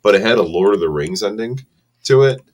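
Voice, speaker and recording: A man's voice: lowish voice, expressive, brisk, darkish tone. A man co-hosting a casual podcast, blunt and contrary, swearing freely. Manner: crude, profane, blunt and contrary. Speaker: podcast co-host. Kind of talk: casual chat.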